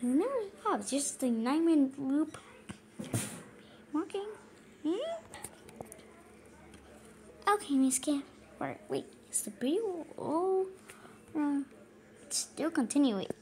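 A woman voicing a squeaky, cheerful male cartoon mouse who rambles nervously while reacting to a video, breaking into frantic yelps. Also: lively intonation, measured pace, pauses often, darkish tone, a little hiss or hum. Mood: uneasy, puzzled. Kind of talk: in-character reaction commentary.

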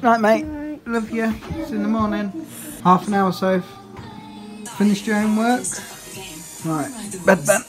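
A man's voice: sits high, fairly even intonation, unhurried, long pauses, music in the background. A man, talking casually to camera about his evening at home and chatting with his children, cheerful and laughing often. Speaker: family vlogger. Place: family home kitchen, indoors. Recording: noisy home recording.

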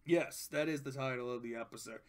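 A man's voice: medium pitch, brisk. A man giving a casual, rambling and profane review of cartoon episodes, often breaking into laughter. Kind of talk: casual commentary.

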